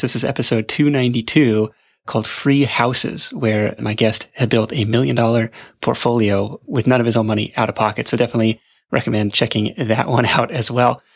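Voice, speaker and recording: A man hosting a podcast interview, talking in a relaxed, affirming way. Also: mid-range voice, fairly quick, gravelly, husky. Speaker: podcast host.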